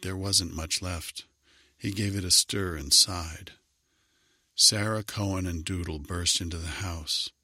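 A man narrating a children's story in an even, measured reading voice. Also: low voice, no room sound, clean studio sound.

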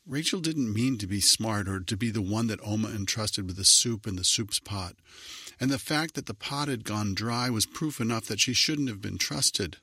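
A man narrating a children's story in an even, measured reading voice. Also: fairly low pitch, husky, no room sound, studio quality.

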